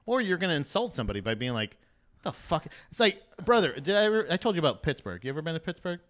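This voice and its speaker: A man's voice: a little high, big pitch swings, very fast, a bit bright. A man co-hosting a music podcast, rambling through stories in casual chat and acting out what other people said. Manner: rambling, acts out quoted people in mock voices. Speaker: podcast co-host.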